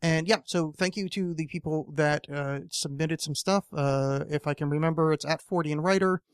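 A man's voice: fairly high pitch, steady tone, moderate pace, smooth, no room sound, studio quality. A man hosting a casual solo podcast, rambling and swearing often, with lots of fillers and restarts. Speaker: podcast host.

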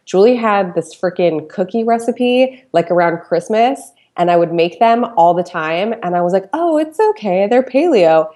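A fairly low-voiced woman talking casually as a podcast guest. She tells stories at a rambling pace and peppers them with "like" and "you know". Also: normal speed, few pauses, a little mellow. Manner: chatty storyteller, lots of "like". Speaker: podcast guest, food blogger. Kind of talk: casual chat.

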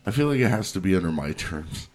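Low-voiced man telling crude stories. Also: fast talker. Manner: profane, animated, laughs between lines. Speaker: podcast host. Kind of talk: casual crude storytelling.

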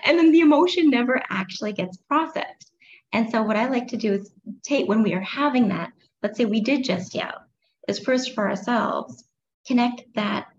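A woman parent coach, a guest on a podcast interview, speaking in an animated way and acting out little scenes. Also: mid-range voice, normal speed. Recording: slightly muffled with faint background noise.

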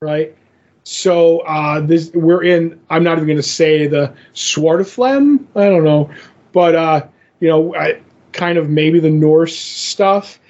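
A man's voice: a little high, takes it slowly, a little mellow. A man on a podcast retells a comic story in a loose, rambling way, with a slightly raised voice. The recording sounds dull and lo-fi. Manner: rambling retelling, acting out quotes. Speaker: podcast co-host. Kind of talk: casual comic book recap.

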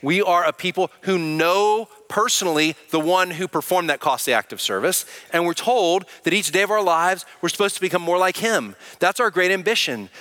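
A man's voice: high-pitched, sharp tone. Man preaching in a reverberant hall. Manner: earnest, conversational preaching with direct questions to the congregation; says he sounds angry but is not. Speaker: pastor. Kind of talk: sermon.

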